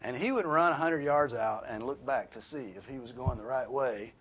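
A man's voice: medium pitch, moderate pace, fairly bright tone, husky. A man preaching a sermon as pastor, earnest and rising sharply for emphasis on key points.

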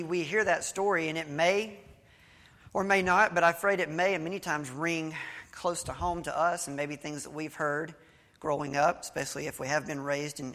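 With a fairly high pitch and fairly bright tone, a male pastor reads scripture and tells a story during his sermon. His preaching is conversational with small restarts, and the recording carries a long hall reverb.

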